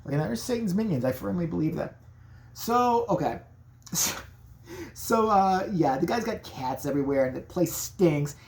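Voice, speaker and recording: Brash, swearing woman with a low voice. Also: normal speed, a little hiss or hum. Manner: brash, swearing, rambling and animated. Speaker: comedic storyteller. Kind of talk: profane comedic rant.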